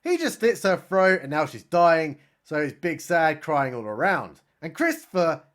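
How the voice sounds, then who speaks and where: A man's voice: a little high, sing-song. A man giving a sarcastic, mocking comedic recap of a film. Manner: sarcastic, mocking, does quick voices for characters. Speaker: film reviewer.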